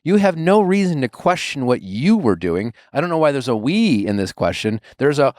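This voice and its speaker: A man's voice: medium pitch, big pitch swings, moderate pace, few pauses, a little mellow, no room sound, clean studio sound. A man hosting an advice podcast, blunt and probing as he challenges a caller. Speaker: podcast host giving advice. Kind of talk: casual advice talk.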